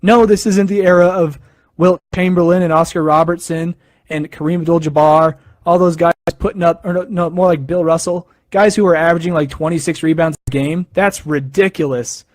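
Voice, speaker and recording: A man hosting a sports podcast, giving casual opinions in an excitable, animated storytelling manner. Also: fairly high pitch, brisk, no echo.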